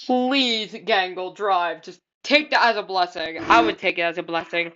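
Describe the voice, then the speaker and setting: A woman's voice: lowish voice, moderate pace, sharp tone, dull audio, slight background noise. A woman vlogger giving casual, rambling reaction commentary and often repeating herself.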